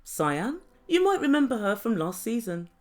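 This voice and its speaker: A woman recapping reality TV episodes in a sarcastic, gossipy tone with dramatic pauses. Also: on the high side, expressive. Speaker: reality TV reviewer.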